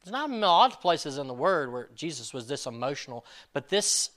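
Man, sermon, conversational preaching, bright tone, slightly high pitch. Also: big pitch swings, brisk. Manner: casual preaching with fillers, acts out quoted speech. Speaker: pastor.

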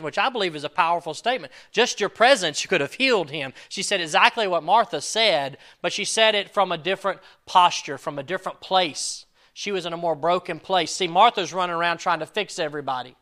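A man's voice: a little high, bright, forceful tone. A man preaching a sermon in a casual, conversational way, reading scripture and acting out what people in it might say. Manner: casual preaching with fillers, acts out quoted speech. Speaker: pastor.

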